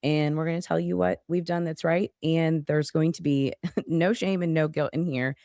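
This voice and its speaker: Lady cohost with a real low voice, warm encouraging chat, dry mic. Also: fairly even intonation, moderate pace, no room sound. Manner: encouraging, affirming listener. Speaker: podcast co-host. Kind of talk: casual chat.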